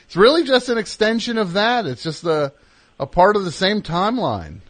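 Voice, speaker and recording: A man's voice: sits high, big pitch swings, normal speed, no room sound, voice pushed up. A man putting on the voice of a pompous, pontificating animation pundit. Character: pompous self-important male animation pundit.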